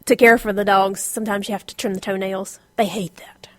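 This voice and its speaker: A middle-aged woman teaching an informal Bible lesson, animated, laughing often and dropping to a whisper for emphasis. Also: mid-range voice, brisk, no echo.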